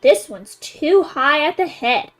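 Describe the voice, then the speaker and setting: A woman's voice: high-pitched, animated, takes it slowly, fairly bright tone, faint music behind, heavily acted. A woman voicing a fussy little girl in a storybook reading, complaining about everything.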